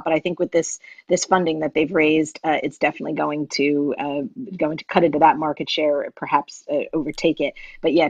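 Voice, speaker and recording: A woman with a very low, gravelly voice joins the panel chat. She speaks hesitantly, with many "uh" pauses. Her mic sounds dull and lo-fi but dry. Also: no room sound.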